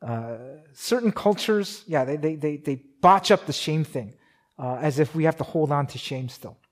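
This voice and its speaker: This man is a pastor preaching in a casual, conversational style, his pitch fairly high. He restarts sentences often and uses lots of fillers, turning up the volume for emphasis and easing into a soft, slow delivery on the important points.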